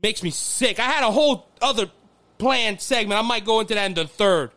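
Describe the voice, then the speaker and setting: A Louisiana man with a Cajun accent and a strikingly high, bright, tense voice, hosting his own political commentary show. He speaks with raw emotion, climbing to near-shouting, repeating himself and tripping over words as he presses his points. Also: lively intonation, brisk. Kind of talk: impassioned political monologue.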